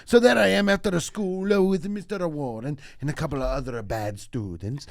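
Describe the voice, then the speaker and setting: A man's voice: fairly high pitch, brisk, gravelly, darkish tone, no echo. A man voicing a sad middle-aged Italian man with a put-on Italian accent, telling a boyhood story in broken grammar. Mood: storytelling.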